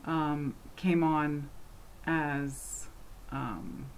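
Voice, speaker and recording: Chatty, low-voiced woman vlogging at home. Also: drawn-out words, slight background noise. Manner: chatty, rambling, full of fillers and restarts; animated and passionate when speaking. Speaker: vlogger answering fan questions. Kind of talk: casual chat.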